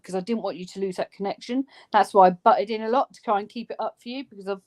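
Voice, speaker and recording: A woman's voice: mid-range voice, fast talker, hardly any pauses, darkish tone. Blunt woman chatting casually. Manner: blunt, earthy talk. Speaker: co-host and urban explorer. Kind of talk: casual live-stream chat.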